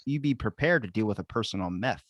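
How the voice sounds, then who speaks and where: A man's voice: lowish voice, expressive, fast talker, a bit bright, slight background noise. A man chatting casually as a podcast guest, cracking jokes and swearing. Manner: wisecracking, profane. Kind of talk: casual chat.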